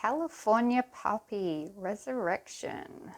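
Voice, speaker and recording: A woman giving a pick-a-card tarot reading to her viewers, talking in an unhurried, soothing way and speaking to them directly. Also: mid-range voice.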